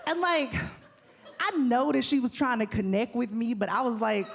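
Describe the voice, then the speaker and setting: Animated woman doing stand-up. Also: on the high side, fairly quick, creaky, slight background noise. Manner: animated storytelling with acted-out quotes. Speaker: stand-up comedian. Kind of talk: stand-up comedy set. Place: comedy club stage. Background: audience laughter.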